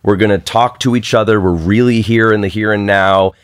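A man from Long Island speaks as a guest on a podcast, with a very low voice. He tells stories with eager energy and plenty of enthusiasm. The recording is close and dry. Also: a little fast, smooth, dry recording. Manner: animated, enthusiastic storyteller. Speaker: guest performer. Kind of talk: casual podcast chat.

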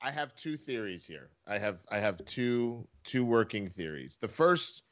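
A man's voice: on the low side, sing-song, a little slow, dull audio. A man co-hosting a casual chat, reacting with emphatic disbelief and heavy swearing. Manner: emphatic, incredulous, swears a lot. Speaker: podcast co-host.

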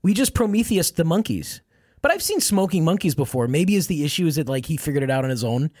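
A young man co-hosts a comedy podcast, tossing in wry asides and laughing easily. His voice sits slightly high. It is recorded close and dry, with no room around it. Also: sing-song, quick pace, darkish tone, no room sound. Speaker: podcast co-host. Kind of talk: casual comedic chat.

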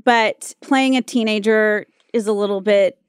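A woman's voice: mid-range voice, steady tone, a little slow, clear, resonant tone, no echo, studio quality. A woman in her forties from North Carolina, an actress guest telling stories in a casual interview, chatty and full of fillers. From North Carolina, USA. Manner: chatty storyteller, frequent fillers and laughs.

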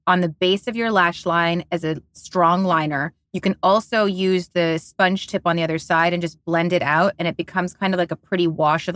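Lively woman telling stories off-mic. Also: fairly low pitch, dry recording, clean studio sound. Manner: animated storyteller, playful and teasing. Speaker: podcast co-host. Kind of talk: casual beauty podcast chat.

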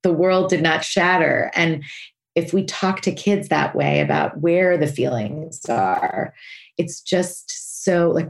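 Woman podcast host, really low voice, candid and reflective, laughs easy. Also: slow pace, vocal fry. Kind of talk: podcast interview, personal reflection.

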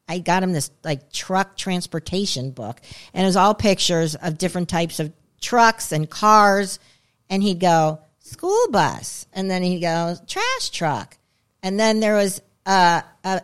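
A woman's voice: lowish voice, clear, resonant tone. A woman co-hosting a casual chat podcast, telling stories animatedly and laughing often. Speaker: podcast co-host.

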